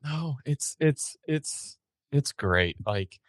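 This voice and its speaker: A man co-hosting a casual podcast chat, excitable and prone to stammering, with quick bursts of speech. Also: a little high, no echo, studio quality. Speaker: podcast co-host.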